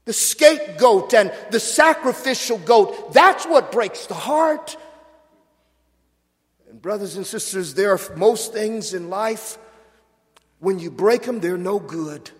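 A male preacher with a notably high voice delivers an impassioned sermon, often restarting and repeating words as he pushes toward loud, fervent peaks. His voice carries a long reverb, as if filling a church sanctuary. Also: lively intonation, slow pace. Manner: impassioned, builds to near-shouting peaks.

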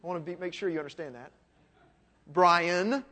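A man's voice: a little high, racing, darkish tone, breathy edge, in a large hall. A man pastor preaching a sermon in a conversational way, asking his listeners rhetorical questions.

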